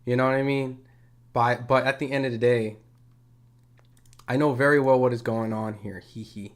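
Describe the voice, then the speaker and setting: A man's voice: medium pitch, little pitch movement, normal speed. A man commenting on a boxing match in a livestream. He talks casually, swears, and argues with viewers' comments. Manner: conversational, profane, argumentative.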